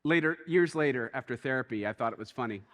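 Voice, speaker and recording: A man preaching a sermon as a pastor, telling a story in an animated way that swings between quiet and excited. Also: medium pitch, quick pace, big-room sound. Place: church.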